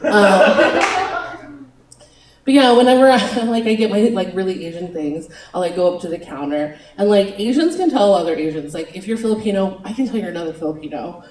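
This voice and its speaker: A woman's voice: mid-range voice, lively intonation, normal speed, recorded from a distance. A young woman doing a stand-up comedy set, chatty and self-mocking, giggling between lines. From United States. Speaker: stand-up comic. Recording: roomy venue, picked up from afar.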